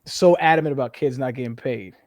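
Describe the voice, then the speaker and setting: A man's voice: mid-range voice, a little fast, dry recording. Candid man telling stories, dry mic. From western United States. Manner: candid, animated storytelling with profanity. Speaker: guest, former football player. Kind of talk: casual conversational interview.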